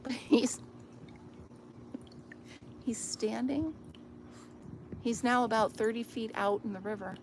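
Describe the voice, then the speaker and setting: A fairly high, gravelly-edged woman's voice, chatty and amused, often sinking to a hushed near whisper. She is recorded outdoors on a phone, with the steady sound of a river flowing loudly behind her. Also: unhurried, long pauses, noisy background. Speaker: vlogger. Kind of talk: casual chat.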